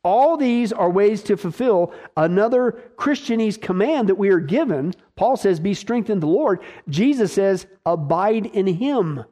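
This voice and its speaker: High-voiced emphatic male preacher. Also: animated, unhurried, few pauses, dark tone. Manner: emphatic, asks the listeners rhetorical questions and answers them; repetitive, punchy short phrases. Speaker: pastor. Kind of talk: sermon.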